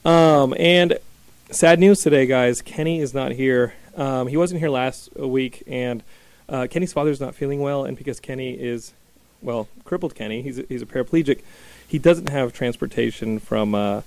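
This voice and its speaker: A man hosting a podcast in a small studio, talking loosely and rambling with plenty of ums and false starts. His voice has a gravelly, fry-laden edge, and the sound is close and dry with no room behind it. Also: medium pitch, normal speed, darkish tone, dry recording. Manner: rambling, restarts with many ums. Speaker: podcast host. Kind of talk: casual podcast chat.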